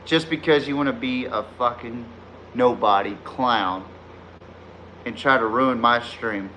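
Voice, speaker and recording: Hosting a sports podcast stream, a man goes on a heated, heavily profane rant, mocking people in the chat and frequently cracking himself up. He speaks in a bright, forceful mid-range voice, animated but measured, pausing often.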